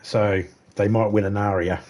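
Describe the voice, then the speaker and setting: A man's voice: fairly low pitch, flat delivery, moderate pace, a little mellow. A man with an Australian accent live-streaming a video game, chatting casually with viewers and making crude jokes. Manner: crude, joking banter, chuckles between lines.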